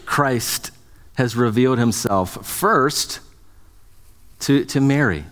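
A man's voice: medium pitch, slow, fairly bright tone. Conversational male pastor in an echoing hall. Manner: conversational, many restarts and fillers. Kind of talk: sermon.

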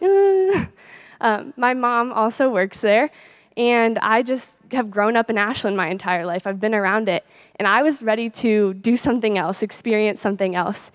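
A woman's voice: mid-range voice, no echo. Chatty teenage girl, dry close sound. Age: late teens. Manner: chatty, peppered with "like" and soft laughs. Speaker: speaker sharing a faith testimony. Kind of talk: personal testimony talk.

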